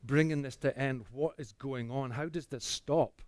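A man's voice: mid-range voice, moderate pace, no echo. Earnest man, dry close sound. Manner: earnest storytelling that swings between hushed and animated. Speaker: speaker giving a testimony. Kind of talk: personal faith testimony.

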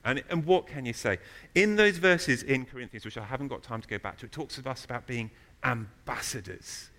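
Animated man preaching a sermon. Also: medium pitch, a little fast. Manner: storytelling, animated, rises to loud emphasis. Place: church.

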